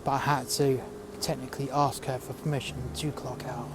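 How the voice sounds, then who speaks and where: A man's voice: medium pitch, level tone, brisk, background noise. A man telling a fictional workplace story as an aggrieved, profane rant, recorded outdoors in the cold.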